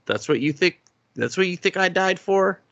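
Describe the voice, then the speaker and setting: A man's voice: high-pitched, expressive, normal speed, fairly bright tone, dry recording, highs cut off, voice pushed up. A man voicing an exasperated ghost father who scolds his grown son in a profane, mocking rant.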